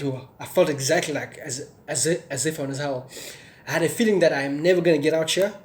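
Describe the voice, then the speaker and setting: A man's voice: fairly high pitch, a little hiss or hum. Earnest young man telling his testimony. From South Africa. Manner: earnest, with frequent fillers and restarts; stutters sometimes. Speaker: testimony speaker. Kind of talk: personal testimony.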